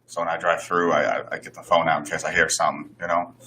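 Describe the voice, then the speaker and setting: A man's voice: low-pitched, flat delivery, quick pace, bright, forceful tone. A man co-hosting a radio show, rambling in a self-deprecating way during casual banter. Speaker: radio co-host.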